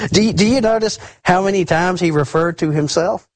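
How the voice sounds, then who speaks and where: A man preaching a sermon emphatically, often repeating words and swinging his pitch up and down. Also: measured pace, no room sound.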